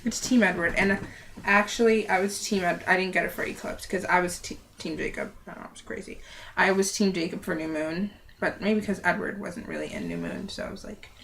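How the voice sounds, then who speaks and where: Rambling teenage girl with a gravelly edge. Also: on the low side, animated, slight background noise. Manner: halting, rambling, often trails off quietly. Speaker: vlogger. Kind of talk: casual rambling vlog. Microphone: built-in camera mic.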